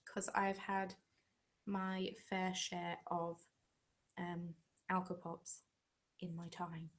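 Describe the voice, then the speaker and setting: A woman's voice: lowish voice, flat delivery, very slow. A woman from England hosting a casual live-stream chat at home, answering viewer comments in a chatty, self-deprecating way. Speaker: craft channel host.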